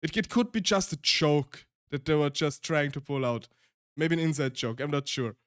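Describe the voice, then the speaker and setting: A man with a German accent chats casually on a stream, rambling and restarting often. His voice sits fairly high, and the sound is dry and close with no room echo. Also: moderate pace, a bit bright, clear, resonant tone.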